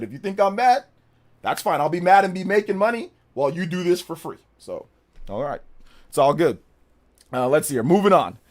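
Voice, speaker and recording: A middle-aged man streaming live, combatively mocking viewers in his chat and laughing them off. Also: high-pitched.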